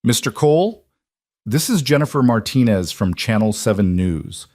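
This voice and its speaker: A man voicing an eager female TV news reporter making a brisk, polished pitch over the phone. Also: lively intonation, darkish tone, no room sound, clean studio sound, natural voice.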